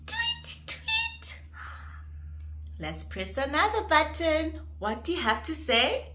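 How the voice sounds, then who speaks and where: A woman teaching toddlers in a slow, exaggerated, sing-song way, gasping and making animal sounds. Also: high-pitched, very animated, bright, forceful tone, slight background noise. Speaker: children's educator. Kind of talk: toddler learning video.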